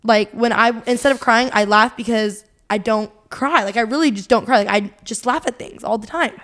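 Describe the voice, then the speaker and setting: Fast-talking high-voiced young woman. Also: a bit bright. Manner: rambling storytelling full of "like" fillers and laughs. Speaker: podcast co-host. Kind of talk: casual chat.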